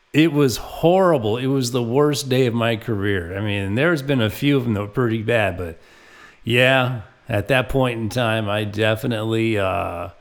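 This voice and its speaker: A man's voice: medium pitch, creaky. A man hosting his own comedy show, telling rambling, profane stories about his past. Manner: profane, rambling storytelling with acted quotes. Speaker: comedic podcast host. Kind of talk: crude comic monologue.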